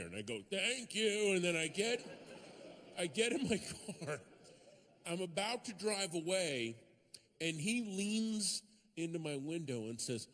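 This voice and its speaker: A male stand-up comic with a fairly high, wildly lively voice that swings up into shouted bits. He works a large theater stage on a handheld mic. His voice rings out into a hall with a long reverb tail. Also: a little slow. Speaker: stand-up comedian. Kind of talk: stand-up comedy.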